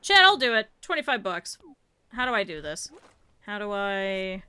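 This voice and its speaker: A woman's voice: mid-range voice, very animated, moderate pace, pushed and bright, clean tone. A woman streamer chatting to her viewers over gameplay, swearing freely and reacting to the game as she plays. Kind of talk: casual gameplay commentary.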